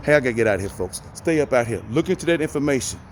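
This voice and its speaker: A man's voice: mid-range voice, lively intonation, very fast, slight background noise. A middle-aged man giving folksy, preachy life advice in a casual motivational talk, repeating phrases for emphasis, talking from inside a vehicle.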